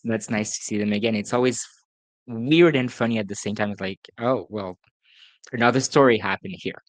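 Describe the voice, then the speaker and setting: Male podcast host, lowish voice, dry close sound, chatty and self-correcting. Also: no room sound. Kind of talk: casual solo podcast review.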